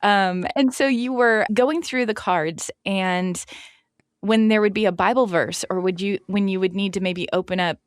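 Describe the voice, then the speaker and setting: A woman hosting an interview, thoughtful, reading passages aloud and asking gentle questions. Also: mid-range voice, moderate pace, smooth, no echo, clean studio sound. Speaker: podcast host. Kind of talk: interview conversation.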